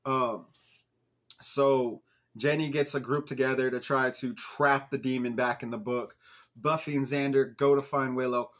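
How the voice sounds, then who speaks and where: A young man hosting a fan podcast, walking through an episode in relaxed, chatty talk. He keeps breaking into laughter and exasperated swearing at the characters, and his voice sits at an ordinary middle pitch. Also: a little slow. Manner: animated, swearing, laughing at the plot. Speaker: podcast host recapping an episode. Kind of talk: casual recap chat.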